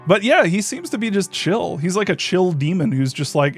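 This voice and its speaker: A man's voice: high voice, sing-song, moderate pace, faint music behind. A man streaming a visual novel, reading its text aloud and commenting casually, swearing freely and laughing often.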